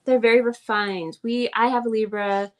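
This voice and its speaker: A woman from Oklahoma hosting a casual livestream astrology class, chatty and quick to laugh, acting out little quoted voices. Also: a little high, steady tone.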